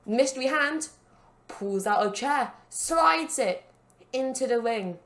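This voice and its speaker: High and expressive, her fairly bright voice moves slowly as she comments casually on games for her channel. Rambling, joking and promoting herself, she speaks into a desk mic with a broken stand.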